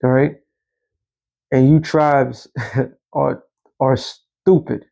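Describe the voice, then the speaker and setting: A man's voice: medium pitch, fairly even intonation, very slow, creaky, long pauses, warm tone. A man giving a blunt, scolding religious commentary and quoting scripture. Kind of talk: preaching commentary.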